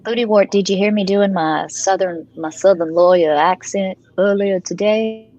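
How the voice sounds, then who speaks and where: A woman's voice: mid-range voice, moderate pace, darkish tone, highs cut off, slight background noise. A woman joking and teasing as a panelist in a casual live stream chat.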